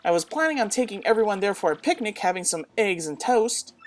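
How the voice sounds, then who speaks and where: A woman's voice: big pitch swings, fairly quick, soft background music, lightly acted. A woman voicing a fussy old female turtle witch who serves her king with simpering politeness. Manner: simpering, overly polite, pitched up.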